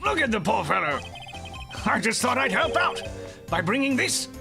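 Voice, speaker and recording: A woman's voice: fairly high pitch, big pitch swings, moderate pace, creaky. A woman voicing a jolly, boisterous older male police chief in a hearty, folksy, teasing manner, over game music. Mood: hearty jovial. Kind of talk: live fan voice acting over a game.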